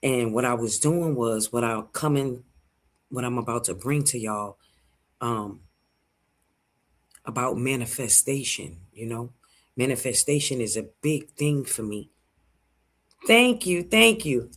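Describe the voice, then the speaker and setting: Guy in his 40s on his livestream, kinda husky voice, talks slow, teary and rambling, super heartfelt. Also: mid-range voice. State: teary-eyed. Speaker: livestream host. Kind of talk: casual emotional livestream chat.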